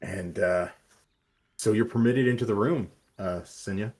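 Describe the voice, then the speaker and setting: A man narrating as game master, relaxed and hesitant, with many fillers. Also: fairly low pitch, measured pace.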